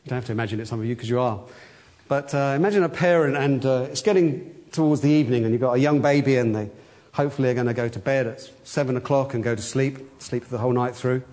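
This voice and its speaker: A man's voice: mid-range voice, quick pace, darkish tone. A middle-aged man, a church elder, giving a conversational sermon with wry humor and acted-out quotes.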